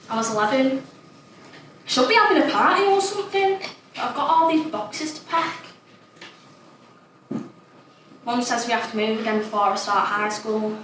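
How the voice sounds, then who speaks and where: A woman's voice: fairly high pitch, a bit bright, a little hiss or hum. A woman playing an imaginative, chatty young child, delivering a dramatic monologue, childlike and plain-spoken. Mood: wistful. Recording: roomy echo, distant mic, faint ambience.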